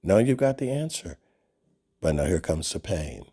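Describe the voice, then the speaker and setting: Low, husky-voiced male preacher. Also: very animated, moderate pace, mellow. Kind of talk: sermon.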